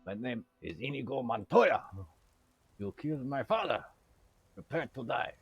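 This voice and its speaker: A man's voice: mid-range voice, very animated, moderate pace, vocal fry, husky, highs cut off, faint music behind, full character voice. A man voicing Inigo Montoya, a solemn, vengeful swordsman.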